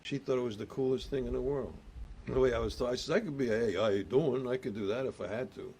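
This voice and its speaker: An older man from Providence, Rhode Island, an actor and guest telling animated stories in a casual chat and acting out the exchanges he recalls. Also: medium pitch, fast talker, gravelly, slightly rough. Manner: animated storyteller, acts out quoted exchanges.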